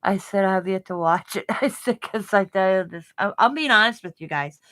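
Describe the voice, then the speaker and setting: A woman's voice: mid-range voice, fairly quick, a bit bright. Crafty lady chatting at home, giggly, rambles and repeats herself, bit of a stutter. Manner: giggly, laughs often. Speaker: craft channel host. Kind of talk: casual chat while crafting.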